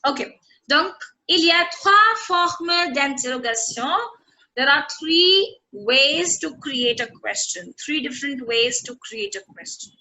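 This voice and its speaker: A woman's voice: sits high, expressive, unhurried, bright, forceful tone, low-quality recording. A woman teaching French in an online lesson. She repeats her example sentences and often checks that her students are following.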